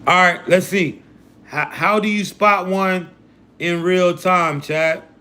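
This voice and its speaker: A man hosting a livestream who lectures his chat in a slangy, profane sermon. His voice is high and bright and pushes forward. He sounds hyped and sure of himself. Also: slow. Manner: preachy, profane, hype talk with slang. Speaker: livestream host. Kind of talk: casual livestream rant.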